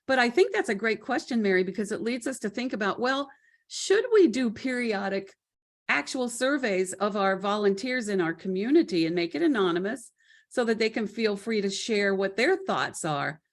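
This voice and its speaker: A woman's voice: mid-range voice, expressive, moderate pace. A woman volunteer presenter answering in an online meeting, thoughtful with some hesitant fillers. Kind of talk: casual meeting chat. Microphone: video call.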